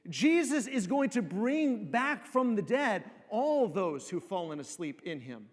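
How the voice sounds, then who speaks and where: A man preaching a sermon, repeating phrases for emphasis and dropping to soft, slow pauses. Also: sits high, big pitch swings. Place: church sanctuary. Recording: long reverb of a church hall.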